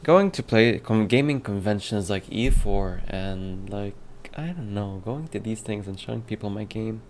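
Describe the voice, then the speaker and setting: A man's voice: on the low side, moderate pace, a little mellow, slight background noise. Indie dev guy chatting on stream, rambly, lots of likes and ums. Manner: rambling, self-correcting, with many fillers. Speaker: indie game developer and streamer. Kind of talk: casual livestream talk.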